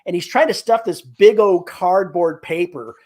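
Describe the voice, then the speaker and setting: A man's voice: high voice, moderate pace, a little mellow. A man co-hosting a podcast on writing, chatting casually and acting out quotes as he retells a scene. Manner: chatty storyteller, acts out quotes. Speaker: podcast co-host. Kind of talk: casual chat about writing.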